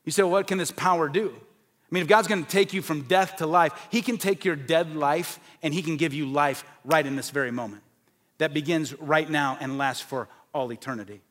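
A man delivers an evangelistic sermon at normal speed, his emphatic voice climbing to forceful peaks and sinking low. At times he acts out the voices of doubters.

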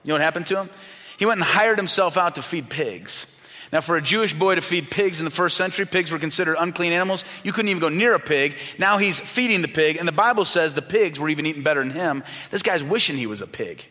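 A man preaching a sermon in a church, talking with the congregation and asking them questions, dropping his voice soft when he quotes the people in his stories. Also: fairly high pitch, fast. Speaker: pastor. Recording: long reverb of a large church hall.

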